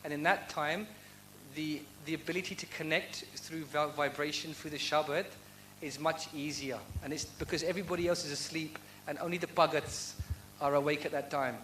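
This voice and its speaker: At a university event, a British man answers audience questions in an earnest, heartfelt devotional talk full of rhetorical questions. His voice is on the high side and fairly bright, with fairly even intonation and a moderate pace, on a rough recording with a little hiss or hum.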